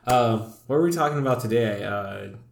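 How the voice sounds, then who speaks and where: A man with a South Texas accent hosts a loose podcast chat. He speaks at an ordinary pitch, swears without a second thought and is quick to make fun of himself. The room around him has a noticeable echo. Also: creaky. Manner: profane, blunt and self-mocking. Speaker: podcast host.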